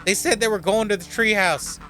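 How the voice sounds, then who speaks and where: A man voicing a panicky, excitable young boy in a game, urging his friend to stay away. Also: sits high, a little fast. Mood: frantic. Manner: panicky, urgent.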